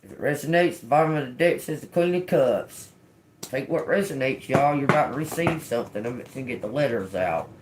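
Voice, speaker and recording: An older woman giving a live-stream tarot reading in a slow, profane, confrontational manner. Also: extremely low pitch, animated, background noise. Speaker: tarot reader.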